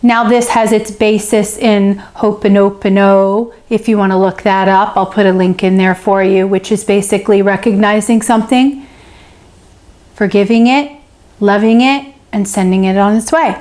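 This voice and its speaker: A woman's voice: mid-range voice, fairly even intonation, normal speed, a little mellow. A woman hosting a spiritual self-help channel, teaching to camera in an encouraging way that keeps checking in with "okay?" and repeats phrases for emphasis. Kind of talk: teaching to camera, answering a viewer.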